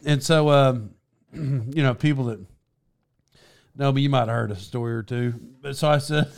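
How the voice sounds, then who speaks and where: A man's voice: mid-range voice, unhurried, long pauses. A man telling stories in casual chat, laughing often.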